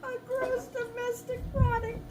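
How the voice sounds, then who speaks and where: A woman's voice: extremely high pitch, completely flat delivery, a little slow. Far-off woman heckling from the crowd. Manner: shouted quips from the crowd. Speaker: heckler in the audience. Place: audience in a small bar. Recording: distant, echoey bar room.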